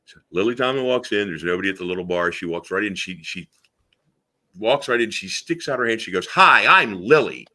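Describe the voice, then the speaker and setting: A man's voice: low-pitched, fairly quick, fairly bright tone. A man hosting a talk radio show, telling rambling anecdotes full of fillers and restarts. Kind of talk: casual chat, anecdotes.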